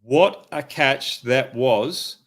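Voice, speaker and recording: A middle-aged Australian man talks at an ordinary pitch for a man, breaking down play like a coach. He leans hard on his warnings and keeps his points plain, with frequent fillers as he thinks aloud. His voice sits in a middle register, neither deep nor high. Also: drawn-out words. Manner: animated, emphatic coaching talk with frequent fillers. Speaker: host. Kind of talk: live cricket analysis.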